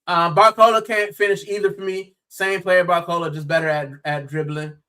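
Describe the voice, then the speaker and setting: A young American man with a high voice talks at normal speed in a clean tone. As a co-host on a football podcast, he chats casually and animatedly, exclaiming and using bro often.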